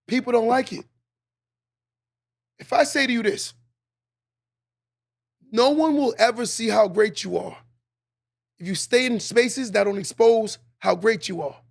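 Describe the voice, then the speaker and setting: Man, very high pitch, gravelly, emphatic motivational monologue. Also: unhurried, pauses often. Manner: preachy, emphatic, repeats lines for effect. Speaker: podcast host.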